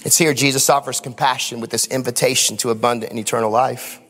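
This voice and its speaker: A man's voice: mid-range voice, steady tone, quick pace, fairly bright tone. Emphatic preaching man in a large hall. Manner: emphatic, rhetorical questions, calls to the congregation. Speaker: pastor. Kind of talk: sermon. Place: church sanctuary.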